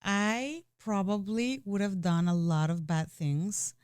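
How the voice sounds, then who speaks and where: A woman's voice: mid-range voice, lively intonation, slow, darkish tone, clear, resonant tone, no echo, studio quality. A woman speaking candidly and emotionally in a personal conversation, often restarting her sentences. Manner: emotional, earnest, with frequent restarts and "you know".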